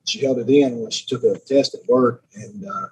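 A man's voice: medium pitch, normal speed, a little mellow, a little hiss or hum, rough recording. A man, a podcast guest telling stories in a rambling, chatty way. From Alabama. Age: 30s. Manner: rambling, repeats words, laughs often. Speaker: podcast guest, sheriff's lieutenant. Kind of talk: casual storytelling chat.

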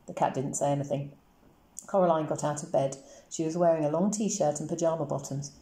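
A woman teacher reading a novel aloud to her class for a lesson, in a slow, expressive storytelling manner. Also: low-pitched. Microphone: camera. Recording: roomy echoey recording.

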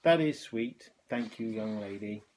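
A man voicing a kind, humble, cheerful hospital porter in a children's storybook reading, with a gentle, polite manner. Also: fairly low pitch, measured pace, slight background noise, voice pushed down, natural voice. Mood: kindly.

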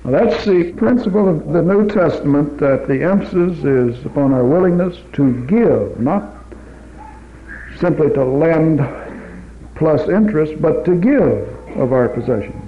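Preacher man on a tinny old tape. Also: on the high side. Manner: measured teaching, quotes scripture in King James wording. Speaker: preacher teaching a church class. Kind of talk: sermon. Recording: tinny phone-like old tape recording, faint hiss.

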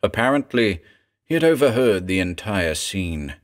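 A man narrating a horror story in a measured, grave storytelling manner. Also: lowish voice, big pitch swings.

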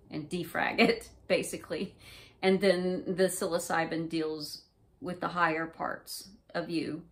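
A woman vlogger casually recounting an experience in a rambling, profane way, full of fillers. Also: fairly low pitch. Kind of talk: casual first-person recounting.

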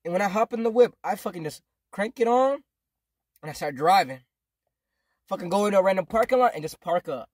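Young man, fast rambling storyteller, slangy and profane, dry close sound, casual vlog. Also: sits high, expressive, a little mellow, no room sound. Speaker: vlogger.

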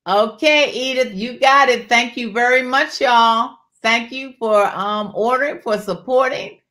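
A woman's voice: fairly high pitch, a little slow. A woman hosting a casual live-stream jewelry sale, chatting freely, calling viewers by name and urging them to order and join her shows. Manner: chatty, calls out viewers by name, folksy Southern-style warmth in words like y'all.

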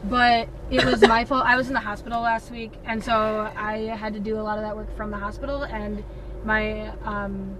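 A woman's voice: mid-range voice, little pitch movement, moderate pace, background noise. A woman in casual conversation, hesitant and apologetic, with many fillers.

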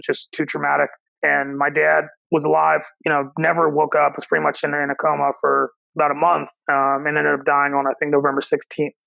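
Podcast guest: man in his 30s, from Ohio, gravelly, higher register, reflective and halting. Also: fairly bright tone, no echo, poor audio. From Cincinnati, Ohio, USA. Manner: reflective, halting, many restarts and 'you know' fillers. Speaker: chef and restaurant owner, podcast guest. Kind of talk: casual interview storytelling.

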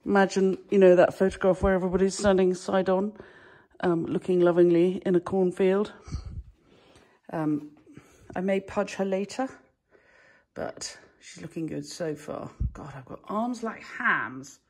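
A woman with a somewhat low voice chats casually to camera about the flowers she has grown and arranged. She is warm and self-deprecating, and she laughs easily at her own asides. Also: unhurried. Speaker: flower farmer and florist. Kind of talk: casual how-to vlog. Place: outdoors in a summer garden.

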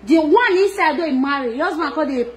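Nigerian Pidgin woman, high voice, animated gossip vlogger, laughs and scolds often. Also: normal speed, a little hiss or hum. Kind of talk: casual gossip monologue.

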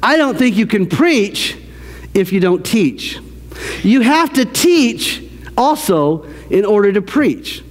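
A man preaching a sermon as a church pastor, animated, with repeated phrases and restarts. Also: high voice, slow pace, big-room sound. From American South. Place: church sanctuary.

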